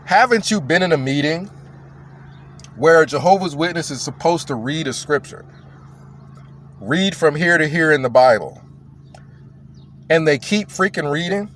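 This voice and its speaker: A man's voice: a little high, animated, moderate pace, long pauses, a bit bright, slight background noise. A man talking in a blunt, mocking, emphatic way as a commentator, in a casual rant.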